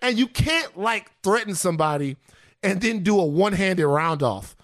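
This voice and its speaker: A middle-aged man co-hosting a podcast, chatting in an animated, joking way and often repeating himself. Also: high voice, moderate pace, dry recording, studio quality. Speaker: podcast co-host. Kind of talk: casual chat.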